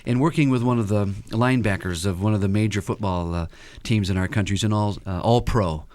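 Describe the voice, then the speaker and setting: A man's voice: lowish voice, fairly quick, no room sound. A man appearing as a guest counselor on a radio talk show, telling stories with animation and acting out the quotes. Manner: animated storyteller who acts out quotes.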